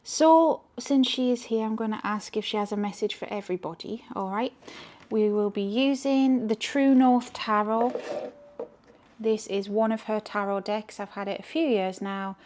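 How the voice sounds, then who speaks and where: A woman's voice: medium pitch, normal speed, darkish tone, slight background noise. A woman with a Geordie accent, chatting frankly to camera as a tarot reader and rambling as she goes. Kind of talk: casual chat to camera.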